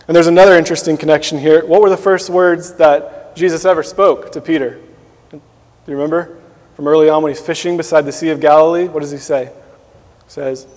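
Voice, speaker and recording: A man's voice: on the high side, fairly even intonation, fairly quick, darkish tone. Man preaching in a reverberant hall. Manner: conversational, asks the listeners questions, frequent tag "right?". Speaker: pastor. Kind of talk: sermon.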